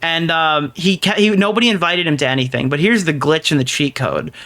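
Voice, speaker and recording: Animated, profane young man telling stories. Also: fairly high pitch. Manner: animated, profane, rapid storytelling with acted quotes. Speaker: podcast co-host. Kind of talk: casual storytelling chat.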